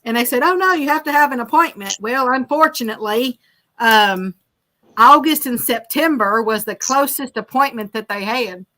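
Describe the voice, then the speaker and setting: A woman's voice: on the high side, normal speed, pushed and bright. A woman hosting a fishing livestream, chatting casually and teasing while reading viewer comments aloud. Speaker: livestream host reading chat. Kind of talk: casual chat.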